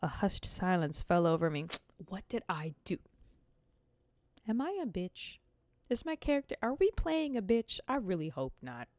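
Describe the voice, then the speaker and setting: A woman streamer reading a visual novel aloud and breaking off into animated, slangy, swearing reactions to her chat. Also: mid-range voice, moderate pace.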